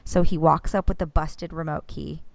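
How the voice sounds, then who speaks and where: A woman's voice: low voice, normal speed, gravelly, no room sound. A woman in her thirties co-hosting a casual podcast chat, telling a story with lots of acted-out quotes and swearing. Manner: animated, swearing, acts out quotes. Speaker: podcast co-host.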